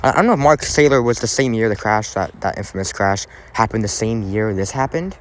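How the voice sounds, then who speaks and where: A man's voice: fairly low pitch, fairly quick, a little hiss or hum. A man hosting a casual true crime podcast, talking in a rambling way with lots of fillers and restarts.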